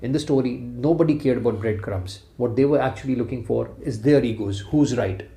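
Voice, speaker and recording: A man's voice: mid-range voice, fairly quick, hardly any pauses, warm tone. A man giving a motivational talk, telling a story and speaking emphatically to his listeners. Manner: emphatic, addresses listeners directly. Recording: echoey room.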